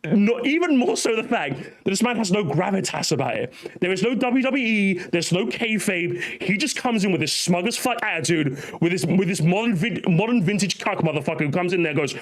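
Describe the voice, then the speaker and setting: Animated ranting male streamer. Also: high-pitched, brisk, hardly any pauses. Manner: animated, ranting, addresses chat. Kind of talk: ranting live stream commentary.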